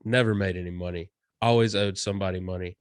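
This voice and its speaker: A man's voice: low voice, fairly even intonation, fast talker, smooth, dry recording. A young adult man from North Carolina, a podcast host, telling his life story in a rambling, self-mocking way with dry humor. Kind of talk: casual storytelling chat.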